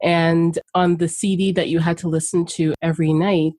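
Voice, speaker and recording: A woman's voice: lowish voice, flat delivery, normal speed, mellow. A woman hosting a podcast interview who reflects back and affirms her guest in a casual, conversational way. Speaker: podcast host.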